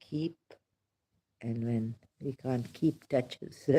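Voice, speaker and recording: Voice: mid-range voice, steady tone, slow pace, creaky, long pauses, mellow. A vlogger talking in a rambling solo monologue, laughing often and sighing between thoughts.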